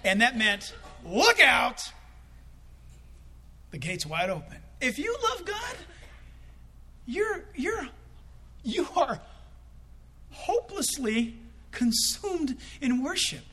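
A man tells a funny story in the middle of a sermon, and his voice sits high and bright. His pitch leaps all over as he acts out the people in the story. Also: slow pace, pauses often, breathy edge. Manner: animated, comic acting out of quoted voices. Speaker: preacher.

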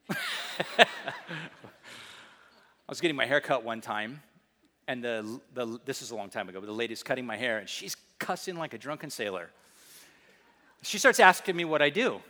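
A middle-aged man preaching as a pastor, telling stories with emphasis and reading scripture slowly and deliberately. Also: mid-range voice, lively intonation, bright, forceful tone, in a large hall. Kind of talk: sermon.

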